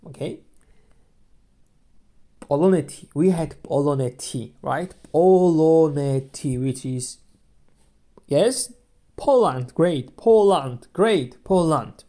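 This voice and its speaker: Slow, mellow-voiced language teacher. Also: medium pitch, animated. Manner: patient, repeats each word several times as a drill. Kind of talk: beginner language lesson podcast.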